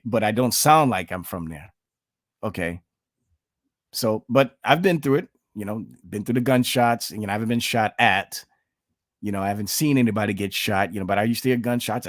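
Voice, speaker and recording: A man's voice: medium pitch, no room sound, clean studio sound. Blunt man doing reaction commentary. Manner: peppers talk with "okay?" and "you know", blunt and sarcastic; shifts into preaching when citing scripture. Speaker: online commentator.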